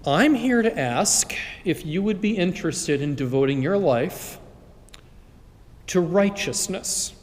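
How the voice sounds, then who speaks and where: A man's voice: high voice, animated, slow pace, darkish tone. A male priest voicing a polite, formal voice inside a man's head that offers him righteousness. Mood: courteous. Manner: formal, courteous. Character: polite, respectful final inner voice. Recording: long church reverb.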